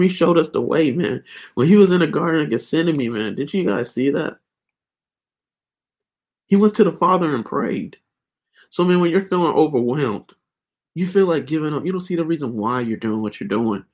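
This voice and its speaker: A man's voice: on the high side, animated, moderate pace, long pauses. A young adult man giving a casual video devotional. He rambles earnestly and keeps dropping "man" and "guys" as he speaks. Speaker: online Bible teacher.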